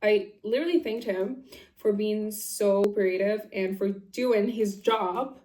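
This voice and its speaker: Speaking at a measured pace in a mid-range, darkish voice, a woman vlogger tells a story conversationally. She laughs while telling it, leans on emphasis, and uses "like" a lot; the room echoes.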